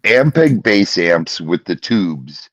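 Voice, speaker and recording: A very deep-voiced man who speaks slowly, his pitch bouncing around as he talks gear with eager, opinionated enthusiasm. The sound is dry and slightly dull, like a modest home podcast setup. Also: sing-song, dry recording. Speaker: podcast co-host; former bass player. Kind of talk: casual chat.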